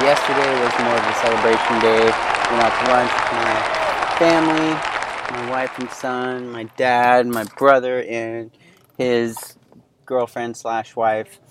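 A man's voice: mid-range voice, fairly even intonation, takes it slowly, music in the background, a crowd in the background. Rambling man in his thirties, podcast host. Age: 30s. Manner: rambling, candid storytelling with many fillers. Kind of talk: casual solo podcast monologue.

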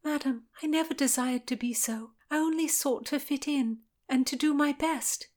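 A woman reading an audiobook, voicing a young gentlewoman prisoner who pleads her innocence earnestly. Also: high-pitched, pitched above the performer's own voice, natural voice. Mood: pleading. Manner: pleading, quick to protest innocence.

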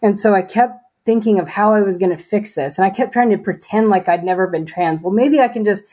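Woman, interview guest, earnest, conversational, personal faith story, average pitch. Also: a little fast, warm tone. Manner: earnest, conversational, many fillers.

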